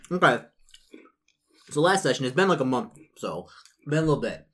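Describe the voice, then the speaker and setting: A man's voice: a little high, fairly bright tone, husky. A man with a cold, running a tabletop game as game master, rambling with lots of fillers. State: groggy from a cold. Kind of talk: casual tabletop game chat.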